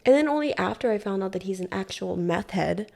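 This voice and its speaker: A young woman from Hawaii, a podcast guest, telling a story in casual, profane, animated talk full of "like". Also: mid-range voice, brisk, vocal fry, a crowd in the background. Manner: profane, animated, heavy use of "like".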